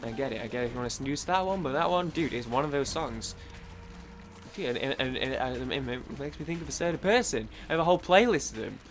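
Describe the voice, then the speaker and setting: A man's voice: medium pitch, animated, quick pace, background noise. A young man with a Mancunian accent chatting casually while gaming, rambling, stammering, repeating words and swearing freely. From Manchester, England. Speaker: gaming streamer.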